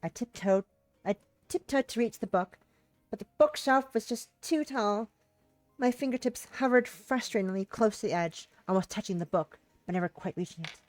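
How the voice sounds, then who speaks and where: With a medium-pitched voice at an ordinary pace, a young woman streamer works through a visual novel, reading narration and dialogue before breaking away to chat with her audience. The mic is close and dry, and quiet music sits underneath.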